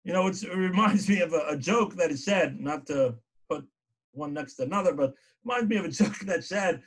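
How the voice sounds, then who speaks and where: A man's voice: a little high, expressive, a little fast. A man giving a religious class, telling stories with frequent "right?" asides and emphatic quoted speech. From lived in Israel. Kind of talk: sermon-style lecture.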